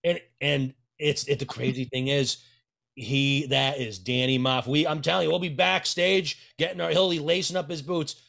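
A man's voice: a little high, steady tone, normal speed, vocal fry, a bit bright. A man in casual podcast chat as a wrestling manager, brash and boastful, trash-talking people.

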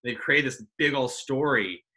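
A man's voice: medium pitch, unhurried, pushed and bright. A man hosting a casual chat, loose and rambling, full of fillers. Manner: loose, filler-heavy, says "like" and "dude" a lot. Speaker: podcast host.

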